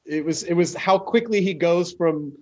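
A man chatting as a podcast guest, animated and quick, with halting restarts and casual swearing. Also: sits high. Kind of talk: casual interview chat.

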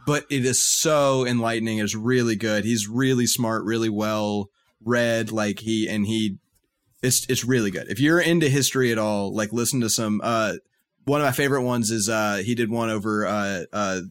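A man's voice: lowish voice, normal speed. A man co-hosting a podcast in casual chat, recommending things with enthusiasm and lots of "uh" and "like". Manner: enthusiastic, filler-heavy recommender. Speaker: podcast co-host.

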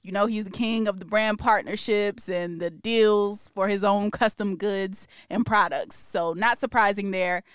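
Podcast lady just chatting, laughs a lot, smooth voice, dry sound. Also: mid-range voice, fairly even intonation, a little slow, hardly any pauses, no room sound. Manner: chatty, laughs often, playful with impressions. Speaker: podcast co-host. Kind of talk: casual chat.

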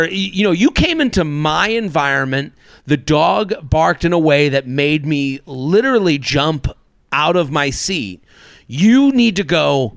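A man hosting a comedy podcast, telling a complaint story in an animated, exaggerated way. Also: moderate pace, vocal fry, dry recording, clean studio sound. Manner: animated storyteller, jumps up in pitch when acting out people. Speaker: podcast host. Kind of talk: casual comedic complaint chat. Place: New York City.

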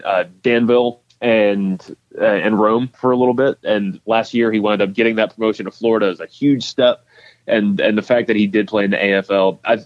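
A man with a fairly low voice talks through baseball prospects in loose podcast chat. He rambles a bit, restarting sentences and filling pauses. The audio sounds dull and lo-fi. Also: darkish tone. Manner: rambling, many restarts and fillers. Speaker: podcast co-host. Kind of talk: casual sports chat.

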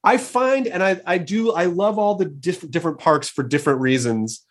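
This man hosts a relaxed interview chat, voice sitting slightly on the high side. He talks eagerly, rambling and restarting sentences as his thoughts run ahead. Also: moderate pace. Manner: enthusiastic, rambling, frequent restarts. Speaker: podcast host.

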